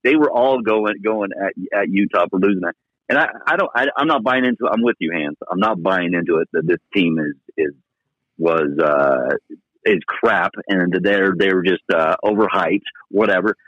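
A man's voice: low voice, normal speed, no room sound, muffled recording. A man co-hosting a sports podcast, getting fired up with repeated restarts as he makes his point. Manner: animated, repetitive restarts when fired up. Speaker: co-host.

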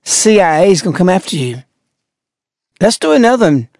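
A man's voice: high voice, sing-song, fairly quick, a little mellow, no room sound, studio quality. An older man, a religious broadcaster, commenting sarcastically and mockingly on clips he plays.

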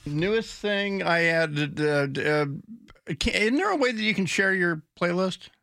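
A man's voice: sits high, animated, measured pace, gravelly, sharp tone, no room sound. A man hosting a talk radio show in a studio, rambling off the cuff with sardonic asides. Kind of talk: casual talk radio monologue.

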